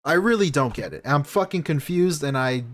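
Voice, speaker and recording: A man's voice: fairly high pitch, expressive, normal speed, fairly bright tone. A man streaming a reaction, ranting angrily and swearing at the clip he is watching. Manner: angry, swearing, mocking rants. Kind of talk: profane reaction commentary.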